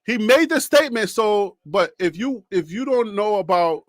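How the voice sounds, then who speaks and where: A man hosting a live sports reaction stream, talking straight to his chat in a rambling, animated way. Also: high-pitched, moderate pace, dry recording, studio quality. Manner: shouting and cheering with joy; emotional, near tears, thanking God.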